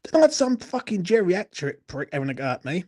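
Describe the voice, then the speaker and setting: A man's voice: high-pitched, very animated, quick pace, darkish tone. A man hosting a late-night fan Q&A, tipsy, swearing and ranting with laughing banter. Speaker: fan channel host. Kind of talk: late-night live Q&A chat.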